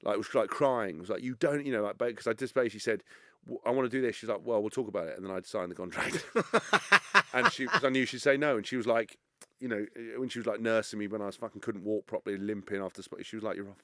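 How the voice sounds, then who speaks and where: Fast-talking blunt man. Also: fairly low pitch, no room sound, clean studio sound. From England. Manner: blunt, swears freely, animated storytelling. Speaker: podcast guest, former rugby player. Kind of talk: casual chat.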